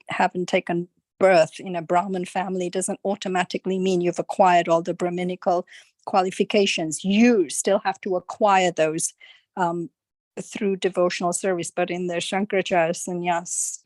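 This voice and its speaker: A woman reading a passage aloud and then making an earnest, halting comment in an online study group. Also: on the low side, no room sound. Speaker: reader and participant.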